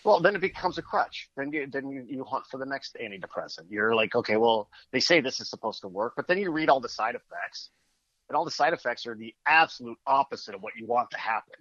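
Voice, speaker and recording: A man's voice: medium pitch, lively intonation, fast, fairly bright tone, no room sound, muffled recording. A man talking as a guest in a casual conversation, earnest and reflective.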